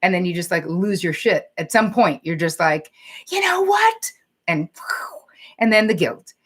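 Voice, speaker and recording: A woman's voice: fairly low pitch, moderate pace. A woman psychotherapist hosting a live-streamed talk, speaking candidly and conversationally, swearing casually and reading out viewer comments as she goes. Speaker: psychotherapist and show host.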